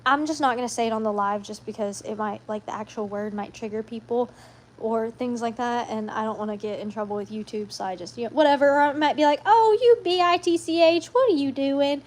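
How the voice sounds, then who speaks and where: A woman hosts a casual live stream. She talks in a high voice and rambles from one thing to the next. She throws in sassy asides. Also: fast, slight background noise.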